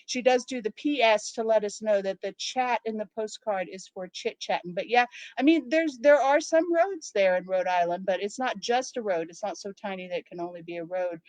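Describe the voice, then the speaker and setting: Animated woman co-host telling stories. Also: medium pitch, brisk, hardly any pauses, dry recording, poor audio. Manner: storytelling, animated, filler-heavy. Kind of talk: casual chat, reading viewer mail.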